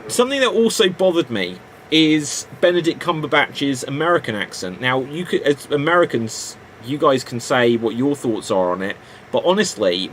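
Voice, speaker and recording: A man with a British accent chatting casually on a panel, animated and rambling, often restarting his sentences. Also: a little high, a little hiss or hum. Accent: British English. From Britain.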